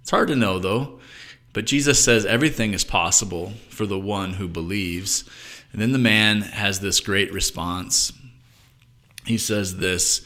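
A man's voice: fairly low pitch, unhurried, sharp tone. A man teaching a reflective Bible study, thinking aloud and often restarting his sentences. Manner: thoughtful, musing aloud with frequent restarts.

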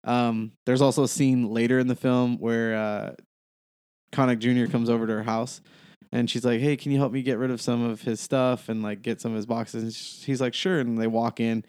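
A man's voice: mid-range voice, flat delivery, normal speed, darkish tone, smooth, dry recording. A man co-hosting a movie podcast in easygoing conversation. His voice sits in a middle range and the recording is dry and close. He swears freely and acts out movie scenes with enthusiasm. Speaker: podcast co-host. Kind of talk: casual chat.

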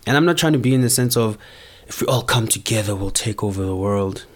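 Young male podcaster from South Africa; loose, slangy, animated monologue. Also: fairly low pitch, fast. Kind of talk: casual monologue.

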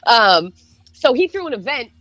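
A woman with a Boston accent, a DJ telling animated, profane stories in a casual podcast chat. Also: a little high, normal speed, dry recording. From Boston North Shore. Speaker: DJ guest.

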